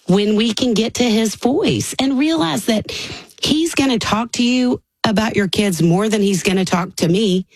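A woman, a guest author in a faith conversation, speaking emphatically and reading slowly and deliberately. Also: a little high, dry recording. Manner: warm-hearted, emphatic, slow measured reading.

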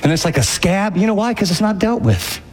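A male pastor preaching a radio sermon in an animated way, acting out people's inner voices. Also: sits high, fairly quick, big-room sound, background noise.

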